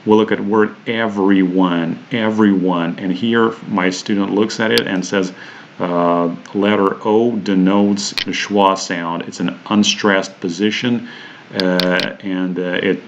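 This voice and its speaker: Man, pronunciation teacher: deep monotone, hesitant with fillers, muffled recording. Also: a little hiss or hum. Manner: halting, many "uh" fillers, slows to spell out example words. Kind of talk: screen-share teaching walkthrough.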